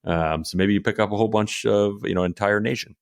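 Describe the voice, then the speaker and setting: A deep-voiced man co-hosts a casual film podcast, recorded dry and close with no room sound. He picks apart a movie's pacing in a measured, thinking-aloud way, often restarting his words. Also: gravelly, no room sound. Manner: measured, analytical, repeats words while thinking. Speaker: podcast co-host. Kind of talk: casual film review chat.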